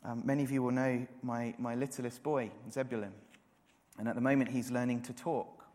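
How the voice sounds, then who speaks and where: A man's voice: mid-range voice, steady tone, normal speed, darkish tone. A man in his thirties preaching a sermon, earnest, repeating words and rising to emphatic peaks. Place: church hall. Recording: long reverb of a church hall.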